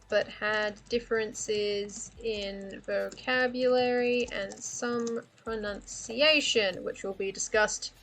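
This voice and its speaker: An Australian woman with a somewhat high, fairly bright voice chats casually on a livestream about worldbuilding. She rambles and thinks aloud, laughing often.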